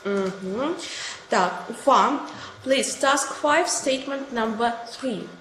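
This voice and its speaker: Woman teacher with a higher voice running an english class, roomy sound, faint hiss behind. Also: slow, a bit bright. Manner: calls on students one by one, careful, step by step. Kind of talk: online class instruction.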